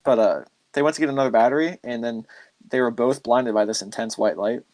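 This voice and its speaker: A man's voice: medium pitch, brisk, darkish tone, no room sound. A man hosting a podcast, telling a story in a loose, rambling way with lots of filler words. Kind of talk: casual storytelling chat.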